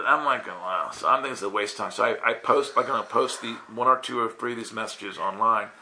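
A man's voice: lowish voice, fast, hardly any pauses, bright, forceful tone, a little hiss or hum, rough recording. A man telling a casual personal testimony as a guest minister, chatty and self-interrupting, often checking in with "right?".

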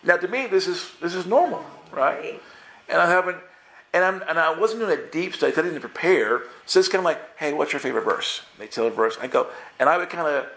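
A male pastor preaching a sermon, telling a personal story in a lively way, acting out the dialogue and often restarting his sentences. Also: a little high, echoey room.

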